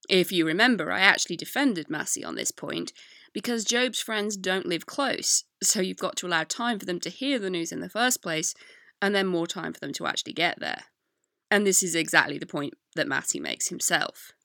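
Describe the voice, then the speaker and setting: A woman narrates a history podcast from a script, dropping in wry, sarcastic asides. Her pitch swings freely and often goes gravelly at the ends of phrases. The recording is close and dry. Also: a bit bright, no room sound. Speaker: podcast host.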